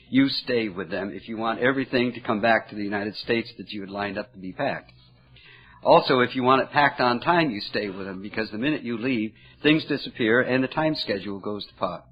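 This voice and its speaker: An older man speaking earnestly at a recovery meeting, telling a personal story in a halting, heartfelt way. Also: fairly low pitch. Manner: earnest, halting, emotional at moments. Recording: dull lo-fi recording.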